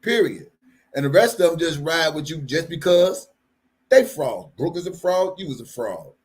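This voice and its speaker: This man runs a live stream and talks in a slightly high, sing-song voice at normal speed. His casual rant is profane and mocking, punctuated by plenty of laughter.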